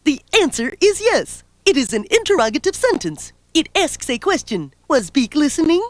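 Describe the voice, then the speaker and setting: A woman's voice: high-pitched, sing-song, normal speed, dry recording. A woman voicing an easygoing cartoon kid who explains quiz answers in a 1980s educational video. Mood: explaining. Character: laid-back cartoon kid who says dude.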